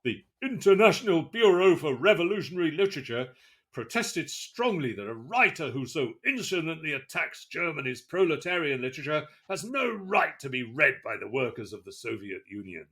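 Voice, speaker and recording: A man co-hosting a podcast, explaining in an animated conversational way and restarting his phrases as he thinks. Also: a little high, moderate pace. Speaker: podcast co-host. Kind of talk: conversational discussion.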